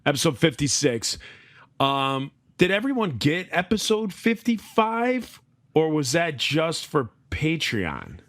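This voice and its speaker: A man's voice: fairly high pitch, wildly swooping pitch, slow, fairly bright tone, no room sound. A man co-hosting a podcast in casual, joking chat, laughing often. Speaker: podcast co-host.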